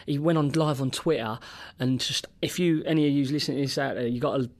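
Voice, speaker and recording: A man's voice: medium pitch, quick pace. A man with a Cockney accent on a podcast, telling rambling, laughing anecdotes and swearing freely. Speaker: podcast co-host, former footballer. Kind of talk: casual podcast banter.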